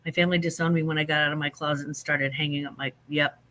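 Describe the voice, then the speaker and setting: A man hosting a casual livestream, chatting animatedly with viewers and reading out their comments. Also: a little high. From Saint Louis. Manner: animated, chatty, drawn-out emphatic phrases. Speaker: livestream host.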